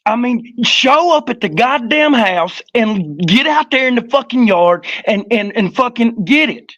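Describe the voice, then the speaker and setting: Very high-voiced man swearing over a dull line. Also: expressive, a little slow, fairly bright tone, dry recording. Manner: aggressive, profane, taunting. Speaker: livestream panel guest. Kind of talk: heated live-stream argument.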